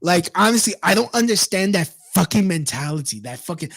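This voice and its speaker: A man's voice: sits high, expressive, a little fast, vocal fry, hardly any pauses, a bit bright, breathy edge, no echo. Profane, indignant man ranting over news. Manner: profane, indignant, breaks off to mock. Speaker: online commentator. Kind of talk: reading news and ranting about it.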